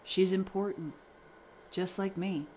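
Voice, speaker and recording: A man's voice: sits high, fairly even intonation, takes it slowly, darkish tone, a little hiss or hum, pitched above the performer's own voice. A man voicing an arrogant mother caught up in a cult in a read-aloud horror story. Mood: smug. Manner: cold, arrogant, preachy. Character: cult-brainwashed mother, adult woman, smug.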